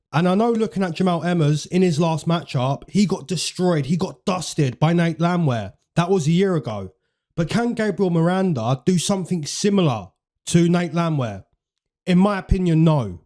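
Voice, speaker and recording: A man's voice: a little high, dark tone. A man hosting fight predictions in casual, chatty commentary, repeating phrases for emphasis and using slang.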